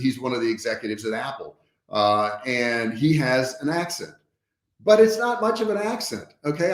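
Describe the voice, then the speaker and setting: A man's voice: medium pitch, reverberant. A man hosting a casual business livestream, speaking frankly and emphatically, often checking in with his viewers. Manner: frank and emphatic, often tags points with "okay?". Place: home office.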